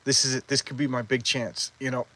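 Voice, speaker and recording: A man casually walking through a comic book issue, rambling and halting with lots of restarts, openly enthusiastic about the panels he loves. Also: medium pitch, little pitch movement, bright, forceful tone, rough recording. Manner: rambling, halting, stumbles over words. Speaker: comic book collector reviewing back issues. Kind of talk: casual comic review chat.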